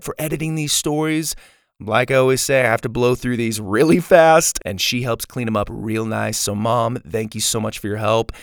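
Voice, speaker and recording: A man hosting and narrating a children's story podcast in an upbeat, expressive way. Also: mid-range voice, dry recording, studio quality. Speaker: host and narrator.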